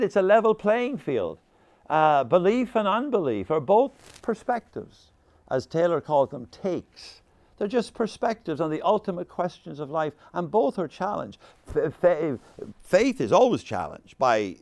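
A man's voice: on the high side, moderate pace, no room sound. A man in his sixties giving a discursive lecture on faith, with many asides and stories. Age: 60s. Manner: animated, discursive, fond of asides. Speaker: speaker on faith. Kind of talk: lecture with anecdotes.

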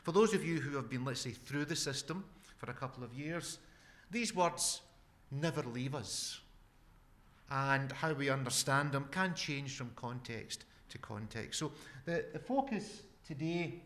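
A Scottish man giving an academic lecture as a guest speaker, measured and repeating words as he restarts. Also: medium pitch, a bit bright. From Scotland.

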